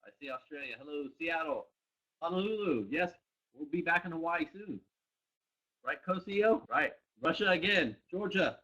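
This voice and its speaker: A man's voice: a little high, lively intonation, moderate pace, pushed and bright. A man co-hosting a live company webcast, upbeat, greeting viewers by name and location. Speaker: company co-founder hosting a live product training. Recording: dull lo-fi webcast audio.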